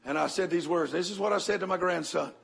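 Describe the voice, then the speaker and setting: An older man preaches with a gravelly, husky rasp. His voice sits high and bright for a man. He tells his story dramatically, jumping from loud bursts down to hushed murmurs. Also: fast. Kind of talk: sermon.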